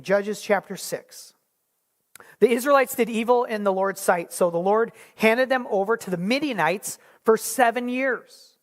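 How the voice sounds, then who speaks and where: A Bible study teacher leading a small group lesson, retelling scripture in a conversational way, often restarting words. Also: medium pitch.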